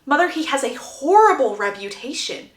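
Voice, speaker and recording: A woman's voice: high voice, big pitch swings, normal speed. A woman voicing an exasperated young unmarried woman who answers her elders with eye-rolling sarcasm. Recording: roomy echo.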